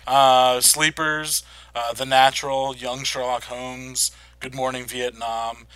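A man's voice: mid-range voice, level tone, slow, a bit bright, clean tone, dry recording. A man co-hosting a podcast, joking and asking follow-up questions in casual film talk. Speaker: podcast co-host.

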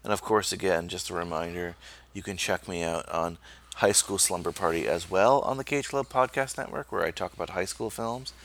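A man's voice: deep voice, brisk, fairly bright tone, slight background noise. A man co-hosting a podcast, wrapping up the episode in a loose, friendly chat. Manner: loose, friendly sign-off with fillers. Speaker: podcast co-host. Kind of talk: casual podcast outro chat.

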